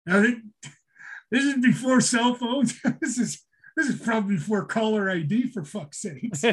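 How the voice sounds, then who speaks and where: Man, older, husky, high-pitched, emotional, profane, storytelling. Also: normal speed. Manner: emotional, swears often, repeats himself. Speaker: storyteller guest.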